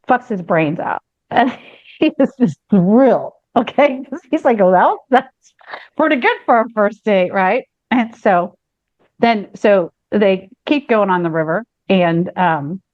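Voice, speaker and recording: A woman's voice: medium pitch, darkish tone, no room sound, muffled recording. Woman telling a rambling joke. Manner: rambling storyteller with many fillers and restarts. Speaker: podcast host. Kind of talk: casual chat, telling a joke.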